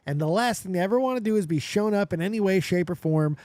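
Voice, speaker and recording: A man hosting a show, reacting excitedly to a video clip, often laughing and repeating himself. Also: high-pitched, fast, no room sound, studio quality. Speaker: podcast host. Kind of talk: casual reaction commentary.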